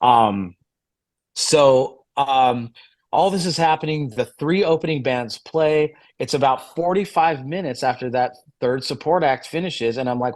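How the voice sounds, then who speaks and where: Man, about forty, mid-pitched; a salty, lively storyteller as an interview guest. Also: a little slow. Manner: profane, animated storyteller, acts out quoted dialogue. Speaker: guest musician and promoter.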